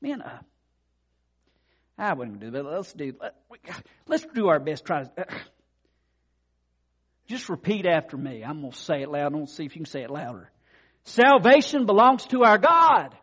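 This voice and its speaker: A man preaching a sermon, swinging from quiet asides to loud declarations. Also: fairly high pitch, big pitch swings, moderate pace, long pauses, husky. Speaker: pastor.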